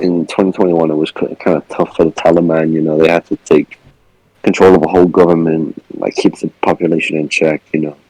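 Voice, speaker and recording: A man answering interview questions in a deadpan comedic style, flat and matter-of-fact. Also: very deep voice, fairly quick, no room sound, poor audio. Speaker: interview guest.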